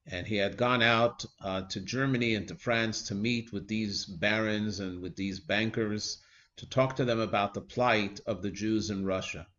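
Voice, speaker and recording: A man retelling a religious teaching story in a measured, earnest way, pausing often with small fillers. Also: on the low side, steady tone, fairly bright tone, muffled recording.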